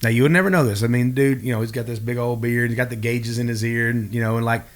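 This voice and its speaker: A man co-hosting a podcast, telling a story in a casual, animated way and acting out the dialogue. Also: medium pitch, fast. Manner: animated, acts out quoted dialogue. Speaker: podcast co-host.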